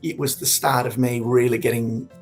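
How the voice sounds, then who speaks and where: Man, 40s, suicide prevention speaker; earnest, reflective, slightly gravelly, mid-pitched. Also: little pitch movement, faint music behind. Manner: reflective, earnest, halting with restarts. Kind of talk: candid personal testimony.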